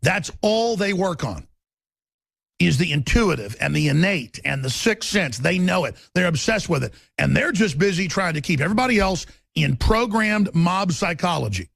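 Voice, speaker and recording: A man hosting a talk radio show, with a raspy voice and an intense, forceful delivery that swings between fast and slow. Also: high-pitched, animated, no echo. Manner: intense, forceful, shifting pace.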